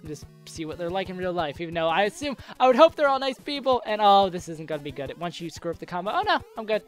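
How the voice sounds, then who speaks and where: A man's voice: high-pitched, sing-song, quick pace. Young man, casual gamer Q&A chat, rambling and jokey, getting a sore throat, faint music behind. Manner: rambling, joking, self-interrupting. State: coming down with a cold, sore throat. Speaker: YouTuber answering viewer questions. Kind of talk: casual Q&A chat while playing a game.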